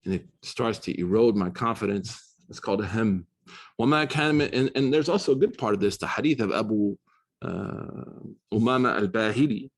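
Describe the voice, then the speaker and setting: Brief: American male teacher, rapid-fire, animated, slangy classroom talk. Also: lowish voice, breathy edge. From United States. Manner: fast, slangy, animated storytelling with Arabic recitation. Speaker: Islamic studies teacher. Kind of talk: casual classroom lecture. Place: university classroom.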